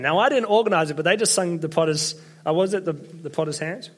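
A man's voice: fairly high pitch, animated, a little fast, few pauses. Chatty Australian young man preaching. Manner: chatty, self-deprecating storyteller. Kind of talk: casual sermon with personal stories. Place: church hall with congregation.

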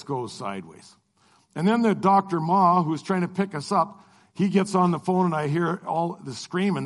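A man telling a personal story to an audience in a lively way, acting out the people he quotes. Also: on the high side. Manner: animated, acts out the people he quotes.

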